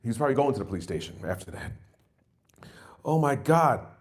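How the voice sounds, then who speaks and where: A man's voice: mid-range voice, brisk. A man in his forties doing an open-mic stand-up set, rambling and profane, telling stories with lots of restarts. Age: 40s. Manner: profane, rambling, animated storytelling. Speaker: stand-up comedian.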